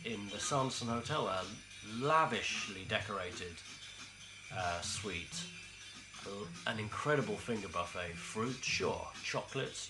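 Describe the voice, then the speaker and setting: A man with a London accent telling a comic story in a dry, understated way, with pauses and asides. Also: lowish voice, poor audio. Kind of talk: deadpan comic monologue. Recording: music playing behind.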